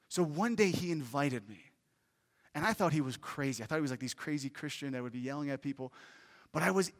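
Male preacher, earnest and animated, a touch high, reverberant sanctuary sound. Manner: earnest, animated storytelling with questions to the congregation. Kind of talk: sermon with personal story. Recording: long reverb of a large hall.

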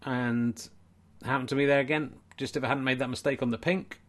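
A man's voice: medium pitch, fairly even intonation, brisk, fairly bright tone, natural voice. Brief: male comic voicing a female alter ego, plain voice, earnest and rueful. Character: female alter ego, a wistful snooker loser.

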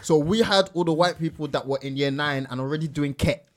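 A man's voice: on the high side, a little fast, a crowd in the background. A young man, making an earnest argument about school in a casual group chat, heavy on slang. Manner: earnest, argues a point with street slang.

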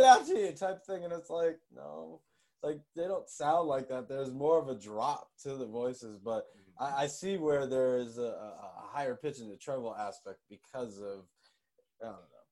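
A man's voice: medium pitch, darkish tone. Hesitant man chatting on a podcast. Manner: hesitant, many fillers and self-corrections. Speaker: podcast co-host. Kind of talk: casual podcast chat.

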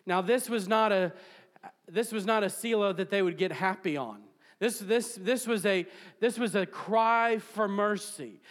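A man preaching a sermon to a congregation, reading scripture aloud and building to shouted peaks, with jokes and laughter along the way. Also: high-pitched, a little slow. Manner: preaching with rising bursts of shouting. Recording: long hall reverb.

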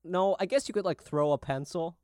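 High, excitable joking podcast guy. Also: brisk, no echo, clean studio sound. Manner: joking, excitable, swears, bursts into shouted bits. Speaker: podcast co-host. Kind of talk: casual chat.

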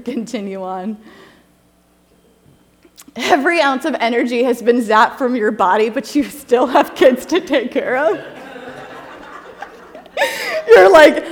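Brief: woman, 30s, higher voice, humorous slide talk, storyteller who laughs often. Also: lively intonation, a little slow, long pauses. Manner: chatty storytelling, laughs often, acts out quotes. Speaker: speaker presenting slides to a group.

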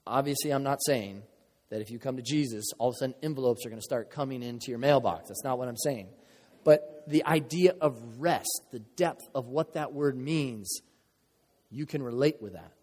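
A man preaching in a relaxed, conversational way, tossing in jokes and then pressing a point hard. His medium-pitched voice rings out with a long reverb tail, as in a big church sanctuary. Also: moderate pace. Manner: informal and joking, with sudden emphatic bursts. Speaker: pastor. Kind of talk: conversational sermon. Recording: long reverb of a large hall.

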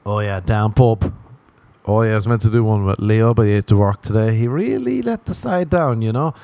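A man rambles through a solo podcast, cracking jokes, swearing freely and drifting from one tangent to the next. His voice sits low with a mellow, dark tone. The sound is dry and close, with no room in it. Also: lively intonation, moderate pace, no echo. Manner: rambling, joking, swears often, laughs at himself. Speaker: podcast host. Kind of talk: casual solo podcast monologue.

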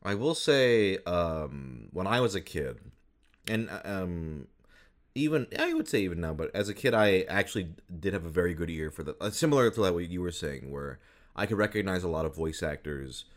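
A man's voice: deep voice, big pitch swings, normal speed. A man chatting casually about cartoons and voice actors, rambling with many fillers and restarts. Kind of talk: casual chat.

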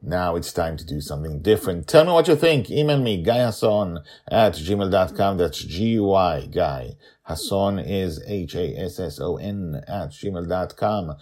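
Older guy telling a story, super low husky voice, lots of ups and downs. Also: unhurried, few pauses. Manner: lively, animated storytelling. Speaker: storyteller and podcast host. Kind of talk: storybook narration.

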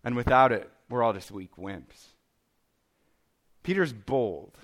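A man's voice: mid-range voice, expressive, slow pace. A man, preaching a sermon in a conversational, self-deprecating way and checking in with listeners. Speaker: pastor.

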